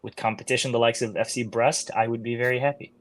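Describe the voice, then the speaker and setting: A man's voice: mid-range voice, flat delivery, quick pace, dry recording. A man co-hosting a sports talk show, recorded dry with no room sound. He gives opinions with wry humor and laughs at his own jokes. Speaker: podcast co-host.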